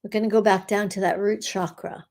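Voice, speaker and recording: A woman hosting a live session as an energy healer, guiding a meditation in an unhurried way with frequent soft laughs and the odd whisper. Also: medium pitch, fairly even intonation, gravelly. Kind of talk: guided energy-clearing meditation.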